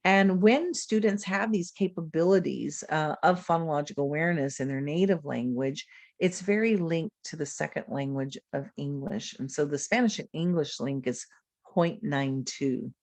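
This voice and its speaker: A woman who teaches literacy presents a webinar lecture over a video call, modelling speech sounds aloud slowly and deliberately. Her voice is low-pitched and a little mellow, with no room sound.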